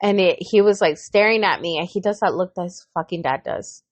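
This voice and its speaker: Animated and profane, this podcast co-host in her thirties recounts a heated story casually, performing the quoted lines. Her voice sits on the low side, she talks a little fast, and the sound is dry.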